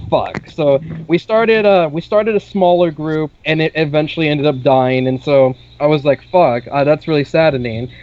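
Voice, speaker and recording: A man's voice: a little high, lo-fi sound. A young man co-hosting a podcast, telling a long story in a rambling way, with lots of "like" and casual swearing. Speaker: podcast co-host.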